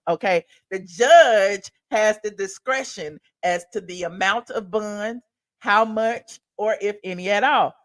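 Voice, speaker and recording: A woman's voice: mid-range voice, measured pace. A woman from the American South with a Southern accent, hosting a live stream and casually explaining court filings in a chatty, folksy way. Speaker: livestream host. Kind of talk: casual commentary on legal news.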